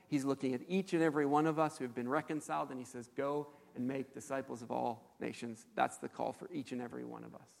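A man preaching a sermon as a pastor, telling stories in an animated way with frequent fillers. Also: medium pitch, vocal fry, in a large hall.

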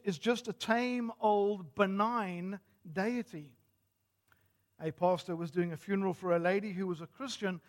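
A man preaching as a pastor in a measured, earnest sermon. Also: high-pitched.

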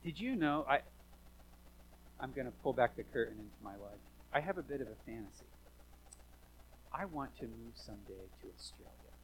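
A man preaching a sermon as pastor, animated, swinging from hushed asides to loud emphatic lines, in a church. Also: mid-range voice, normal speed, pauses often, a little hiss or hum, low-quality recording.

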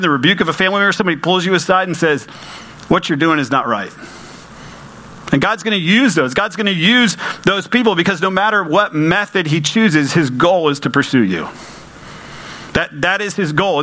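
A man's voice: on the high side, pushed and bright, rough recording. A man preaching a sermon to his congregation in a conversational way, with rhetorical questions and emphatic repetition. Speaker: pastor.

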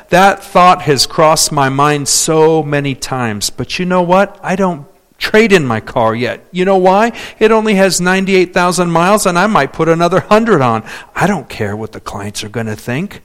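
Man, sermon preacher, fairly high voice, asks for amens, loud points and soft asides. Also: normal speed, clean tone. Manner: animated, calls for amens and hallelujahs; shifts between loud preaching and quiet asides.

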